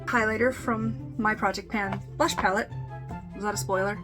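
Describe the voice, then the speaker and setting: A woman's voice: mid-range voice, steady tone, moderate pace, fairly bright tone, soft background music. A woman talking casually to camera in a makeup vlog, chatty and self-deprecating, trailing off into fillers. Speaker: beauty YouTuber.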